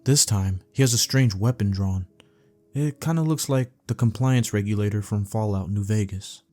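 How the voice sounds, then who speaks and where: A man calmly narrating a first-person dream story for sleeping, in a steady, low-key way. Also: normal speed. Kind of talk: calm bedtime story reading. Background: faint background music.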